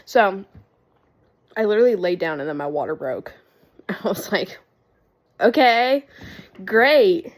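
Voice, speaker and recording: A woman's voice: on the low side, expressive, moderate pace, long pauses, a little mellow. A young woman casually telling a story in a rambling vlog style, with lots of fillers and laughs. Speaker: vlogger.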